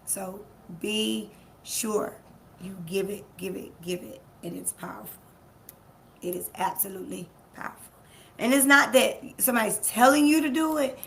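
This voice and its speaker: A woman with a medium-pitched, gravelly, fairly bright voice speaks at a normal speed over slight background noise. She's a life coach hosting a live-streamed motivational talk, speaking emphatically, repeating key phrases and addressing her audience directly. She laughs easily and chats with people in the room.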